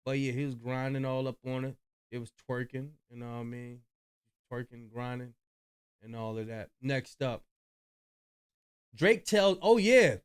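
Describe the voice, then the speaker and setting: A man's voice: medium pitch, unhurried, long pauses, smooth. A man hosting a reaction video, chatting loosely with slang and profanity about clips he plays. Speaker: reaction channel host. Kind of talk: casual commentary on clips.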